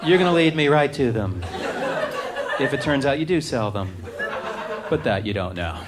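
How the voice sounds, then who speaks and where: Deadpan man doing stand-up, crowd laughing. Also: mid-range voice, normal speed, heavy background noise. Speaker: stand-up comedian. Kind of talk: stand-up comedy set. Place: comedy club with a live audience.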